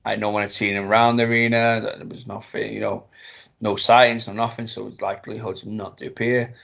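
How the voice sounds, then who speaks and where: A man co-hosts a casual chat show in a rough, gravelly voice. He tells his stories in a rambling, excitable way and drops the odd swear word. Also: on the low side, fairly quick, muffled recording. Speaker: podcast co-host.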